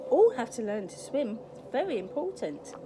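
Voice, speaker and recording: A woman's voice: a little high, very animated, moderate pace, background noise. An older woman reading a picture book aloud to children outdoors in a garden, chatty and sing-song, often asking the listener questions. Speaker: storyteller, grandmother persona. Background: faint birdsong.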